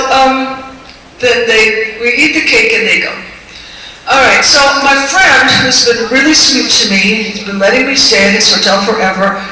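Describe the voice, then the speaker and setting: A woman on stage telling candid, rambling, self-mocking stories between songs, heard in a comic stage monologue. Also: fairly high pitch. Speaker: singer performing on stage. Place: large concert venue, indoors. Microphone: recorded from the audience, far from the stage. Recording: distant, echoey arena recording with crowd noise.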